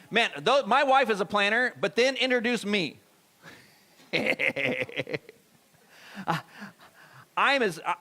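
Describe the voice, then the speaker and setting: A man's voice: high voice, bright, forceful tone. A middle-aged man preaching a sermon in a church, talking conversationally and putting questions to the congregation. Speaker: pastor. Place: church sanctuary.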